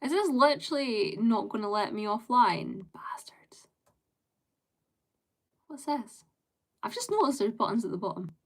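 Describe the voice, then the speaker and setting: A woman's voice: on the high side, animated, measured pace, pauses often. Rambling chatty young woman streamer. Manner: chatty and rambling, frequent fillers and laughs. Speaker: live streamer. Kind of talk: casual chat with live viewers.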